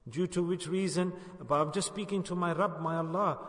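A male preacher voicing a poor mother begging for help, speaking softly and low. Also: steady tone, normal speed, echoey room, big-room sound, close to an everyday voice. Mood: anguished.

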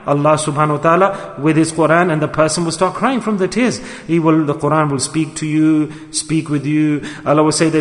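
A man giving a sermon, animated and acting out the voices he quotes. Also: on the high side, a little fast, hardly any pauses. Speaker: preacher. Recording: echoey hall.

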